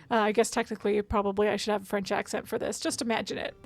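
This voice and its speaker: A woman's voice: mid-range voice, level tone, rapid-fire, creaky, hardly any pauses. A woman streaming a video game, chatting to herself and chat as she plays and laughing often. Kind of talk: casual let's-play commentary.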